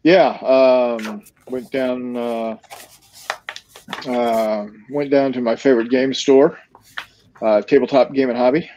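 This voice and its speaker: A man co-hosting a board game show, speaking in a hesitant casual way with many pauses and fillers. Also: medium pitch, steady tone, mellow, slight background noise. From Kansas City area. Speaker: co-host. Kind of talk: casual chat. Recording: dull, dry lo-fi sound.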